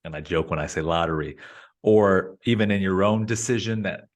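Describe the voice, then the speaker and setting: A man with a fairly low voice hosts a casual interview. He asks long questions that wander and restart, and he repeats words as he finds his way. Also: moderate pace. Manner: rambling questions with many restarts. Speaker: interview host.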